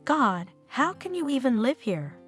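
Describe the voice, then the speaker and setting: A woman's voice: sits high, big pitch swings, measured pace, a bit bright, voice pushed up, exaggerated voice. A woman narrator voicing an irritated foreign woman tourist who snaps at a stranger, with faint guitar music behind. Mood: annoyed. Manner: irritated, snapping.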